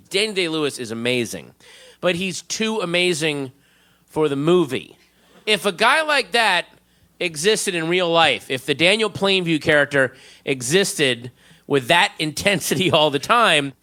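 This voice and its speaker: A man's voice: fairly high pitch, bright, forceful tone. A man doing a stand-up comedy set, rambling, profane and self-mocking.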